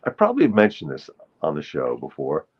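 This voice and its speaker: A man's voice: rumbling low, wildly swooping pitch, husky. Chatty man on a tinny phone-like line. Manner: rambling, chatty, talks to viewers in the chat; sings slowly to ukulele. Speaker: livestream host. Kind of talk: casual solo livestream chat with singing.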